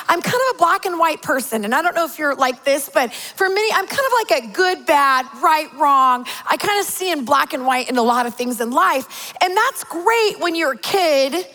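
A high-pitched woman in her forties delivers a sermon. She tells stories with lively, playful exaggeration. Her voice rings out with a long reverb, as in a large church hall. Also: normal speed, few pauses. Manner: animated storytelling with playful exaggeration. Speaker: pastor's wife preaching.

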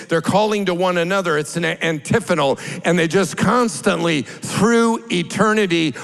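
A man preaching a sermon as pastor, building from plain explanation to loud, drawn-out cries. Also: high voice, creaky, poor audio.

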